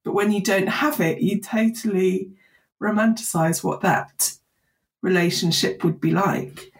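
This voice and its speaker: A woman's voice: mid-range voice, fairly even intonation, unhurried, creaky. A woman, a podcast guest talking candidly and emotionally in a chatty, self-deprecating way. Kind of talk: candid conversational interview.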